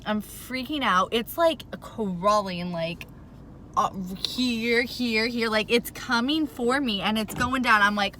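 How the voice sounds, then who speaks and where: A woman's voice: a little high, measured pace, a little hiss or hum. A woman telling a rambling storytime vlog, flustered and worked up, saying "like" constantly. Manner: animated, rambling, says "like" a lot. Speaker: vlogger. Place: in her car.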